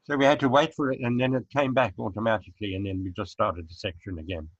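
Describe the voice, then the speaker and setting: Male interview guest, halting and chuckly, dry dull call audio. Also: fairly low pitch, fairly even intonation, no echo. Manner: halting, searching for words, chuckling. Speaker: dance DJ and former dancer, guest. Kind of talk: casual interview answers.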